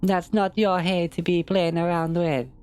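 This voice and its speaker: A woman's voice: lowish voice, flat delivery, unhurried, darkish tone, clear, resonant tone, faint music behind, voice pushed up, natural voice. A woman voicing a heavyset, fuzzy female satyr creature who indignantly guards her hay. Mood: scolding. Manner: indignant, hollering "hey" repeatedly.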